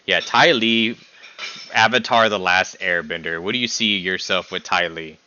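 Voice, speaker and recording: A young man with a fairly low voice chats casually as a podcast host on a home stream. He teases his guest, laughs a lot, and his pitch leaps up when he gets excited. The sound is bright and dry but a bit dull and lo-fi. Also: moderate pace, slight background noise. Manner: animated, teasing, laughs often, jumps in pitch when excited. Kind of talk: casual chat ranking characters with a guest.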